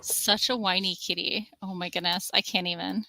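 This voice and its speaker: Bright-voiced woman hosting a chatty stream. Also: on the low side, steady tone, normal speed, gravelly, a little hiss or hum. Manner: chatty and rambling, coos at her cat. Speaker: livestream host. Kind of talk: casual livestream chat.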